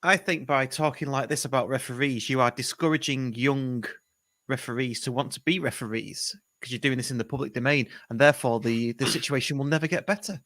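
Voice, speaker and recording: Stammering bright-voiced man. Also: mid-range voice, brisk, no room sound. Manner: hesitant, stammering, laughs easily. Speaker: podcast co-host. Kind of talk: casual chat.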